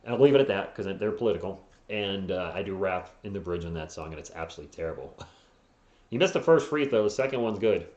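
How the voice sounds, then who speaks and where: A man's voice: low voice, animated, fast, a little mellow. A man doing laid-back fan play-by-play on a live stream, breaking off to answer chat and laugh at comments. His mid-range voice sits in a roomy space, and the sound is a little dull. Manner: casual, chuckling, reads viewer comments between plays. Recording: roomy, slightly dull home stream audio.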